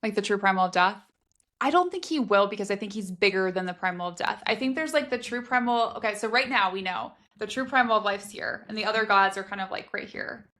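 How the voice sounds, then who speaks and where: A woman co-hosting a book podcast, her voice sitting at an ordinary middle pitch. She talks casually and thinks out loud, leaning on "like" as she works through ideas. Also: lively intonation, fast. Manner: thinks aloud, with many "like" fillers. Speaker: podcast co-host.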